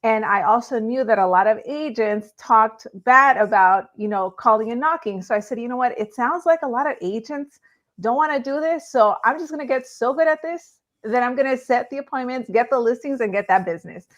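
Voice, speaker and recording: A woman from Los Angeles, a guest on a live web show, talks through her career in a friendly, upbeat way. Her voice sits a little high. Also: brisk, fairly bright tone, lo-fi sound. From Los Angeles, California. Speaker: guest, real estate agent and content creator. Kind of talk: conversational interview.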